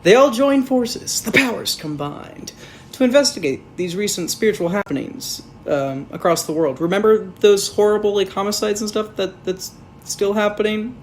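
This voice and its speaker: A woman's voice: medium pitch, normal speed, a little hiss or hum. Sarcastic woman reviewing a movie. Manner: sarcastic, jokey asides, swears casually. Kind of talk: sarcastic comedic film review.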